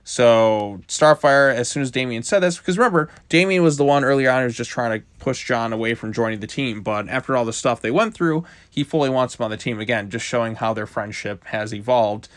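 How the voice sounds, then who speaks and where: A man talks through a comic book review in a loose, casual way, stringing the story together with frequent "like" fillers. His voice sits at an ordinary middle pitch. The recording is close and dry with no room sound. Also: brisk, few pauses, dry recording. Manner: loose retelling with many "like" fillers.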